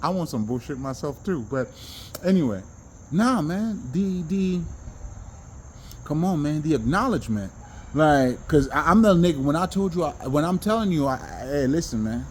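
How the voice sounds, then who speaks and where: A man talking in a casual, rambling monologue about self-improvement, animated and profane, with many restarts and bursts of laughter. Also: fairly high pitch, moderate pace, slight background noise. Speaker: self-help talker.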